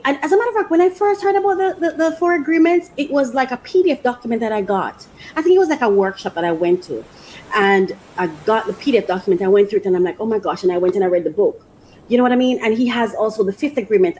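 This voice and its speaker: A woman hosting a podcast and chatting casually about things she bought, talking in an animated way and laughing often. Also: on the high side, a little hiss or hum, low-quality recording. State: emotional, near tears. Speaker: podcast host. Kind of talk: casual unboxing chat.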